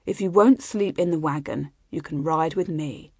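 A protective warrior prince, voiced by a woman narrator, speaks low and steady, reassuring rather than harsh. The sound is dry and close, with no room around it. An audiobook figure with a level, guarding temper. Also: normal speed, slightly rough, no room sound.

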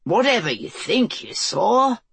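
A woman voicing a brutal, abusive husband who alternates between coaxing and taunting, speaking low. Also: big pitch swings, unhurried, vocal fry, slightly rough, dry recording, heavily acted. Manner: coaxing, entitled, low-voiced.

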